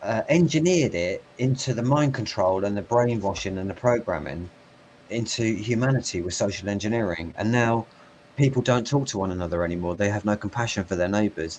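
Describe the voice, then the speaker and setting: A man's voice: lowish voice, a little mellow. A British man chatting on a podcast over a remote call, rambling, swearing often and laughing a lot. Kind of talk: casual conversation. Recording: faint background noise.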